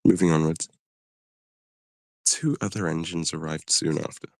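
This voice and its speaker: A man's voice: very deep voice, steady tone, unhurried, a little mellow, dry recording. A man streamer reading a story aloud on a live stream, short of breath and pushing through. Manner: reads steadily, breaking off to cough and apologize.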